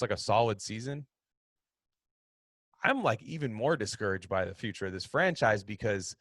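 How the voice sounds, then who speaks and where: A man's voice: medium pitch, a bit bright, no room sound, clean studio sound. A young man hosting a sports talk show, giving rambling, opinionated takes with lots of restarts. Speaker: sports podcast host.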